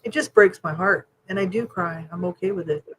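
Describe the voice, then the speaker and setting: A woman co-hosting a podcast, telling stories in a casual chat, openly emotional and animated, acting out what others said. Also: fairly low pitch, a little fast, breathy edge, low-quality recording. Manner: emotional, animated storytelling with quoted voices. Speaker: podcast co-host.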